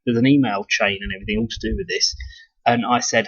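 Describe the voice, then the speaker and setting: A man's voice: medium pitch, big pitch swings, fast, gravelly, fairly bright tone, breathy edge. A man from the United Kingdom talking casually in a rambling monologue, swearing and restarting his sentences. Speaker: video blogger. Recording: dull lo-fi sound.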